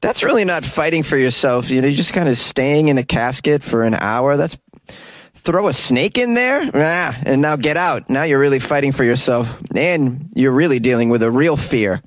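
A man's voice: mid-range voice, lively intonation, normal speed, no room sound. A man hosting comedic news commentary, sarcastic and joking as he reacts to strange stories. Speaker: host. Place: Los Angeles.

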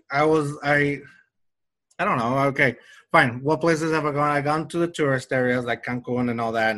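A man's voice: mid-range voice, fairly bright tone. A man co-hosting a podcast, chatting casually, rambling and restarting sentences, laughing easily. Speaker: podcast co-host. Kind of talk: casual chat.

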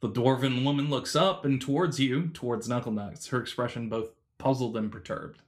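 Acting as game master, a man with a mid-range voice narrates a tabletop session. His delivery is halting, packed with fillers and frequent restarts.

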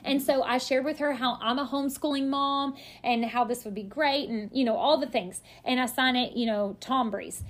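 A woman in her thirties, a podcast guest, telling a story in lively casual chat and acting out what other people said. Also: high-pitched. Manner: lively, quick to act out other people's lines.

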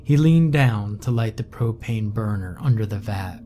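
A man narrating a horror story in a slow, measured, somber scripted read. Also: on the low side, animated. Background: faint music.

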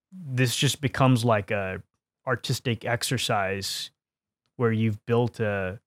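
A man's voice: on the low side, no room sound. Laid-back American man, dry close sound. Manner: playful, slips into put-on voices and accents, swears casually. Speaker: podcast guest. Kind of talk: casual chat.

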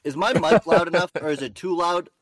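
A man's voice: a little high, expressive, a little fast, a bit bright, no room sound, studio quality. A young man hosting a podcast, chatting in a brash, teasing way and swearing freely. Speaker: podcast host. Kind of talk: casual chat.

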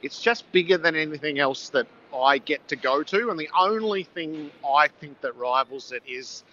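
A man's voice: a little high, expressive, moderate pace, sharp tone, highs cut off, slight background noise. A man who calls football games, describing the build-up from his stadium broadcast position in vivid, storytelling detail. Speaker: NFL commentator calling the game. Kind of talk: on-location phone-in chat.

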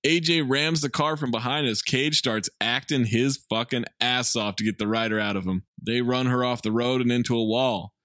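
A man's voice: mid-range voice, moderate pace, hardly any pauses, dry recording, studio quality. Wry man recapping a movie plot. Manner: narrates plot in a flat, wry tone with swearing. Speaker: podcast co-host recapping the movie. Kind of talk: casual comedic movie recap.

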